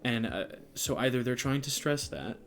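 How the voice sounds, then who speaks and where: A man's voice: mid-range voice, animated, moderate pace, a bit bright. A man co-hosting a music reaction show, thinking aloud and reading out lyrics and notes in casual chat. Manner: rambling, thinks aloud, reads lyrics and annotations aloud.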